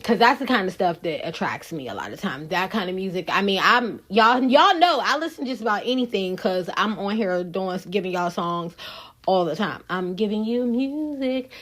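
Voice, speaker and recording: A woman's voice: mid-range voice, expressive, normal speed, fairly bright tone. A woman hosting a podcast, chatting casually and frankly to her listeners. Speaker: podcast host. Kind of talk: casual solo podcast chat.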